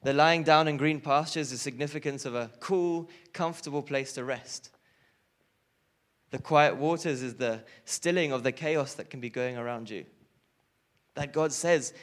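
A man's voice: mid-range voice, moderate pace, fairly bright tone. Young male speaker, earnest church testimony, mid-range voice. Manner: earnest, rises with emotion on key points. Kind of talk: personal testimony sermon.

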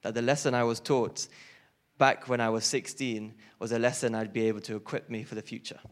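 A man's voice: mid-range voice, little pitch movement, a little fast. Young male speaker, earnest church testimony, mid-range voice. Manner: earnest, rises with emotion on key points. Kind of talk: personal testimony sermon.

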